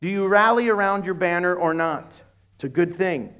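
A middle-aged man preaching a sermon as a pastor, telling humorous stories and acting out conversations in a lowered voice. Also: normal speed, smooth, highs cut off. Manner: animated, humorous storytelling that acts out dialogues in a lowered voice.

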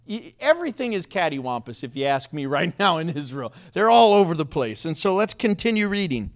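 Male preacher, fairly high voice, animated and chatty with the congregation. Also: fairly quick, hardly any pauses. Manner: animated reading with acted quotes, laughs often. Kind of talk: sermon.

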